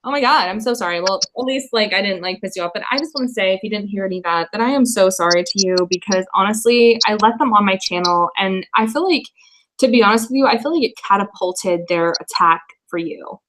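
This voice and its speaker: A woman's voice: medium pitch, quick pace, a bit bright, low-quality recording. A woman hosting a livestream, talking in an upset, profane, apologetic way. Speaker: stream host. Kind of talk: emotional livestream talk.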